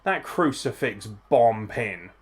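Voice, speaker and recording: A man runs a live wrestling watchalong in a mid-range, slightly rough voice, taking things slowly. He chats casually, swears, and responds excitedly to what's happening in the ring.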